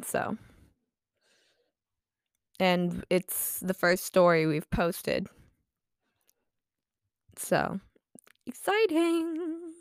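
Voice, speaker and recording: Rambly girl vlogging, tired voice, kinda croaky, bouncy pitch, lots of ums. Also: no room sound, clean studio sound. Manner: rambling, self-deprecating, many fillers. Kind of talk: casual chatty vlog.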